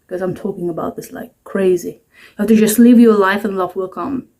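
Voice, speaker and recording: A woman's voice: medium pitch, steady tone, a little fast, dark tone. A woman in her twenties chatting to camera in a rambling, self-mocking way, at home at night. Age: 20s. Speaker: vlogger. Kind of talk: casual talking-to-camera vlog.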